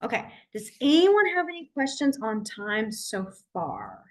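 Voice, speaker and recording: A woman's voice: fairly high pitch, huge pitch swings, measured pace. A woman teaching a sign language class over a video call, patiently walking through signs and often checking in with "okay?". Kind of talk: online class instruction.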